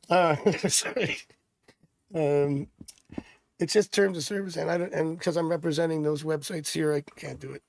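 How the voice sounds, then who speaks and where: In this casual livestream chat, a middle-aged man running a tarot stream wanders off into rambling tales about himself. The audio is studio quality without echo, and he speaks with a slightly high, creaky voice.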